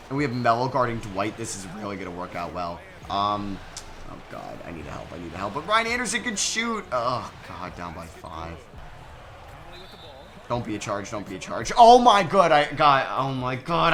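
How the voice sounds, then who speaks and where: Young guy doing basketball game commentary, bright voice, jumps from flat recaps to loud frustrated outbursts. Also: mid-range voice. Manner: excitable, self-deprecating, swings between flat recaps and loud outbursts. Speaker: gaming YouTuber.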